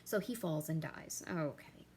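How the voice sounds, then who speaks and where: Gravelly-voiced woman teacher explaining a play. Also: sits low, unhurried, a little hiss or hum, low-quality recording. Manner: reads quoted lines aloud with lively emphasis. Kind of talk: classroom explanation of a play reading.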